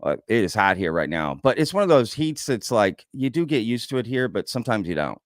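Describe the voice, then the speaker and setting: A man's voice: lowish voice, big pitch swings, fairly quick, no room sound, studio quality. Chatty American man hosting a livestream. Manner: chatty, reads out viewer comments, says "y'all". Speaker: livestream host. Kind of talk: casual livestream chat.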